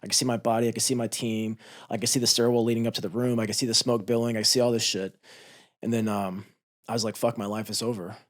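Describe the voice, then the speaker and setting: Low-voiced man telling a war story. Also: little pitch movement, fast talker. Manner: intense, profane, re-enacts shouts. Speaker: podcast guest, former Marine. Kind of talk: candid storytelling. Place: podcast studio.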